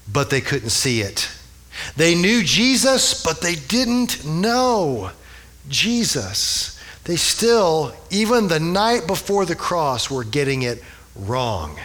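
Bright-voiced, unhurried male preacher. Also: on the high side. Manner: conversational, humorous asides. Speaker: pastor. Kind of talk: sermon.

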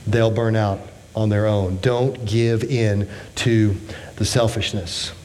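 A man's voice: lowish voice, steady tone, slow, darkish tone, slight background noise. A man in his fifties preaching a sermon, emphatic, with rhetorical questions and joking asides. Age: 50s. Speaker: pastor.

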